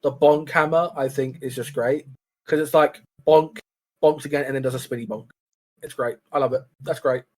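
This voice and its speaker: A man's voice: medium pitch, steady tone, moderate pace. A man co-hosting a casual gaming podcast, joking around as he reads patch notes aloud. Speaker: podcast co-host.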